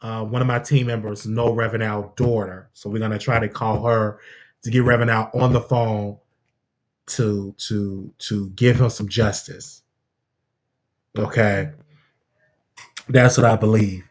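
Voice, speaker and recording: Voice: level tone, unhurried, pauses often. Emphatic, repetitive live-stream commentator. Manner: emphatic and repetitive, big swings in pitch and loudness. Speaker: commentary show host.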